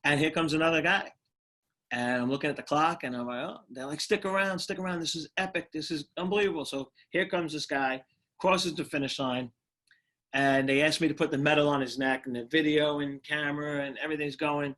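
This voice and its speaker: A man's voice: a little high, fairly even intonation, brisk, a bit bright. Guest, middle-aged New York man, casual storyteller who restarts and repeats himself. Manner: repeats words and restarts often, laughs easily. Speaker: guest, retired firefighter and motivational speaker.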